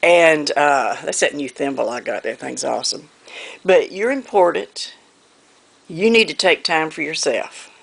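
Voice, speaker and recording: Southern woman with a North Carolina accent, a quilting vlogger, folksy and rambling, with a gravelly edge. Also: low voice, lively intonation, unhurried. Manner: rambling and folksy, often trailing off with "okay, anyway". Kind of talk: casual chat to camera while hand quilting.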